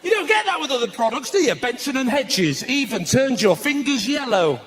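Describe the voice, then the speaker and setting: A man doing stand-up comedy, ranting and slipping into shouted voices for his bits. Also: very high-pitched, sing-song, normal speed. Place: live comedy venue with audience laughter. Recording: noisy live stage recording.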